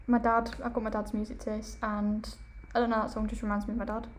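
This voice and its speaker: A young woman guest in a casual podcast interview, giving relaxed, short, easygoing answers. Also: on the high side, fast talker. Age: young adult.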